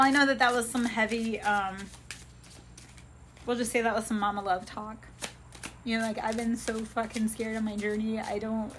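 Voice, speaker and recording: A woman's voice: on the high side, fairly bright tone, a little hiss or hum. A woman hosting a live stream, giving an impassioned spiritual pep talk in casual speech and swearing freely.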